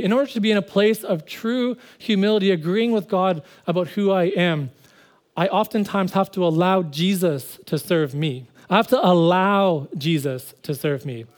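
A man preaching a sermon in an earnest way, repeating phrases for emphasis and now and then speeding up. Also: high-pitched. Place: church service.

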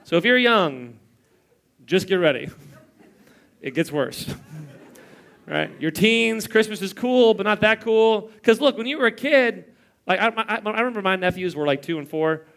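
A man's voice: high voice, expressive, moderate pace, pauses often, fairly bright tone. A man in his thirties preaching a sermon in church, telling stories with playful mimicry and chuckles. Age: 30s. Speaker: pastor.

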